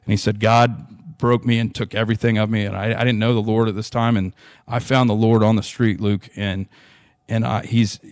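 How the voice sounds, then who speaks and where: A man's voice: fairly low pitch, normal speed, dry recording. Earnest man telling a story. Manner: earnest, animated storytelling with many restarts. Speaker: interview guest. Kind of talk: storytelling in a podcast interview.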